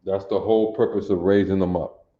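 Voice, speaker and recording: A man's voice: sits low, fairly even intonation, fairly quick, roomy sound, phone-quality sound. A man in his sixties teaching a language class over a livestream, folksy and talking straight to viewers, often asking if they see it. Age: 60s. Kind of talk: livestream lesson.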